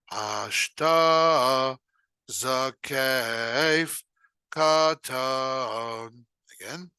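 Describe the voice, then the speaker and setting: A man teaching bar mitzvah students to chant, explaining each note patiently and then singing the phrases slowly. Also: fairly low pitch, pushed and bright, dry recording. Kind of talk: recorded lesson, chanting examples.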